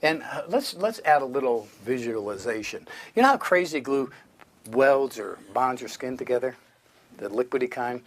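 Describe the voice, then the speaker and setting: A man's voice: medium pitch, lively intonation, moderate pace. A man working as a stage hypnotist, giving commanding, repetitive, playful suggestions to volunteers at a live show. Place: live show before an audience. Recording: noisy live recording.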